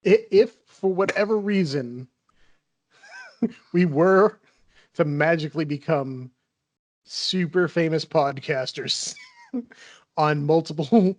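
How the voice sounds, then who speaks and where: A man's voice: a little high, slow, pauses often, a little mellow, no room sound. A man co-hosting a podcast, chatting over drinks in a laid-back way, laughing often and cracking dry jokes. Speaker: podcast co-host. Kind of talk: casual chat over drinks.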